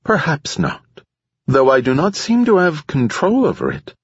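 A man reading an audiobook voices a polite, precise flying AI drone, in a much higher voice than his own, slightly husky. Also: huge pitch swings, normal speed, no echo, full character voice. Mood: formal. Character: calm formal flying AI drone, genderless. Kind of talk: audiobook character voice. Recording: slightly dull lo-fi recording.

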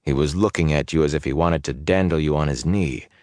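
A man's voice: very deep voice, brisk, a little mellow, dry recording, studio quality. A man voicing a blunt, guarded young man. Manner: level, restrained and blunt.

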